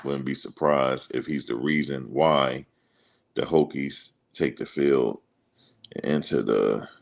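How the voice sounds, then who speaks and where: A man's voice: rumbling low, takes it slowly, gravelly. A man hosting a casual sports livestream, rambling through stories and slipping into quoted voices. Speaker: host.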